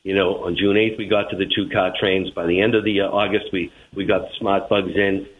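A man with a Boston accent, a transit manager answering interview questions over the phone, measured and repeating words as he starts phrases. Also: low voice, little pitch movement. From Boston, USA. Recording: tinny phone line with faint hiss.

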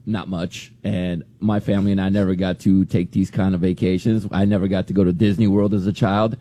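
A man co-hosting a morning radio show in casual chat, a little hoarse from losing his voice. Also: low-pitched, little pitch movement, brisk, warm tone.

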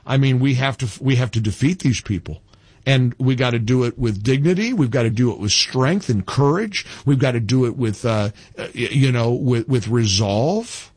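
A man's voice: mid-range voice, moderate pace, darkish tone, husky, no room sound. A man hosting a talk radio show, talking in an emphatic, indignant way and often repeating himself.

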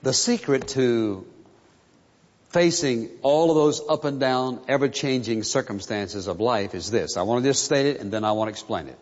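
A male pastor delivers a sermon in a slow, emphatic cadence and leans on repeated phrases. His voice sits in an ordinary middle pitch. The sound is a little muffled and rings with the long reverb of a large hall.

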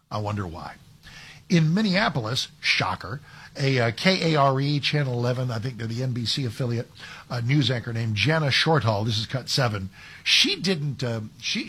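Male talk radio host, husky, emphatic opinion delivery. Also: medium pitch, sing-song, normal speed, a bit bright. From Texas. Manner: emphatic, with frequent restarts and asides. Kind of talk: conservative talk radio commentary.

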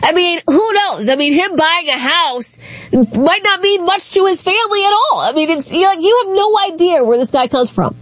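A woman's voice: very high-pitched, expressive, moderate pace, dry recording. A woman with a nasal voice hosting a talk show, giving casual, sarcastic political commentary and laughing often.

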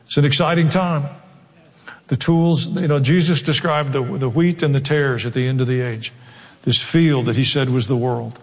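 A man's voice: mid-range voice, normal speed, in a large hall. A man with a Southern US accent, preaching a sermon as a pastor in an earnest, emphatic manner.

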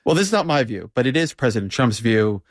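A man hosting an interview who asks measured, probing questions. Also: mid-range voice, big pitch swings, dry recording, studio quality. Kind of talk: interview conversation.

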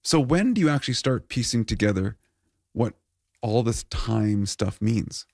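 A man's voice: medium pitch, animated, unhurried, creaky, darkish tone, dry recording, studio quality. Upbeat man radio co-host. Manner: upbeat, jokey, reflective. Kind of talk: radio hosting.

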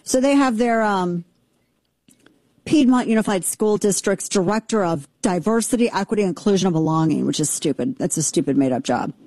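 A woman's voice: medium pitch, lively intonation, normal speed, warm tone, no room sound. A woman from rural Missouri hosting an opinionated political commentary show, talking in a sarcastic, emphatic and mocking way.

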